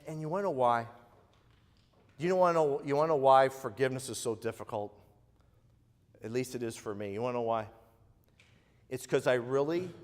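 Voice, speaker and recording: Man preaching in an echoey church. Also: mid-range voice. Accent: American Midwest. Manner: conversational preaching, swings from hushed to loud. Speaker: pastor. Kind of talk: sermon. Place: church sanctuary.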